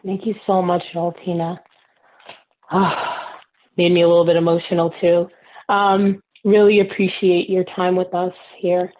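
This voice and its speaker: A woman's voice: lowish voice, flat delivery, a little slow. A woman hosting a virtual awards event, reading a scripted introduction over a video call. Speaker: event host. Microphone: video call mic. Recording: tinny phone-like video call audio.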